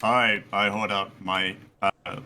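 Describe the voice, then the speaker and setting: A man's voice: lowish voice, level tone, slow, sharp tone. A man playing a tabletop game, joking and blurting lines in character. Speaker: player. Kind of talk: casual tabletop role-play.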